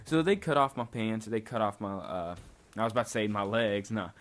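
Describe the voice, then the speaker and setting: Brisk and on the low side, this young man's voice carries a relaxed story on his vlog. He says "like" a lot and swears freely, and faint noise sits in the background.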